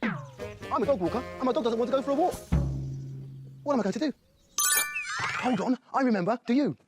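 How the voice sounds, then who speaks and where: A man's voice: extremely high pitch, lively intonation, fairly quick. A man playing a cheerful, bumbling dog walker in a children's show, chatting away to his dog. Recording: voice over loud background music.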